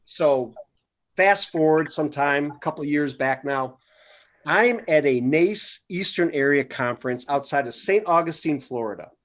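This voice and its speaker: A male podcast co-host opens the show with a playful, exaggerated story as a casual storytelling intro. His voice is a little high and fairly bright, and he takes his time.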